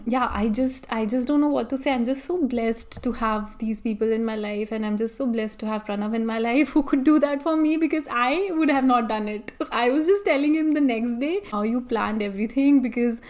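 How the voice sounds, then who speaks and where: A woman's voice: fairly high pitch, fairly quick, few pauses. Bubbly young woman telling a story. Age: young adult. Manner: animated retelling with quoted reactions and laughs. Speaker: vlogger. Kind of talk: casual storytelling.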